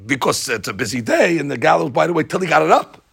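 Animated, gravelly male religious teacher. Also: on the high side, fast. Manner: lively, jokey, acts out scenes. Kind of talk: animated storytelling lesson.

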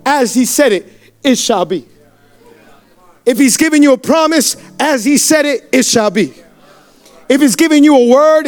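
High-voiced fervent preaching man. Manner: fervent, repetitive call-and-response preaching. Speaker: pastor. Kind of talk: sermon. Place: church.

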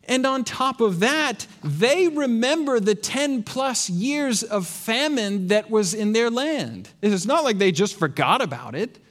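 Male pastor, sermon, high and expressive, quick rhetorical questions. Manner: animated, sarcastic asides, rhetorical questions.

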